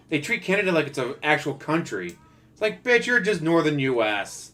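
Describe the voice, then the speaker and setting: Bright, joking man. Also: a little high, big pitch swings, moderate pace. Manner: sarcastic, joking, laughs at his own jokes. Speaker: streamer commentator. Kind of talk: casual livestream commentary. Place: home setup. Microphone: desktop USB microphone.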